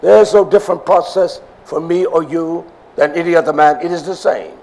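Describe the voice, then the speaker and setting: An older man preaching a sermon, swinging from loud emphasis down to near whispers. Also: fairly high pitch, fairly even intonation, normal speed, creaky, poor audio.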